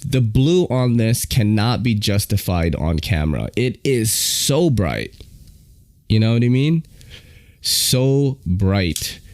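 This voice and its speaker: Chill podcast guy, kinda low voice, hyped and easygoing, dry close sound. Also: lively intonation, takes it slowly, a little mellow, dry recording. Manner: laid-back and enthusiastic, says "man" and "you know" often. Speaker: podcast host. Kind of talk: casual chat.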